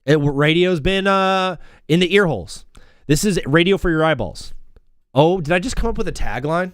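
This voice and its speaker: Male sports talk host, jokey and rambling, bouncy high-ish delivery, dry sound. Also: normal speed, clean tone, no echo. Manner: animated, rambling, self-interrupting, jokey. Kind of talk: casual live sports talk show.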